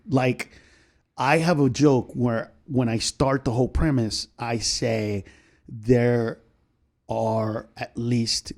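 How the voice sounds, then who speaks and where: A male comedian talking as a guest in a casual podcast interview, telling stories animatedly and swearing freely. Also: medium pitch. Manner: animated storyteller, acts out other people's voices.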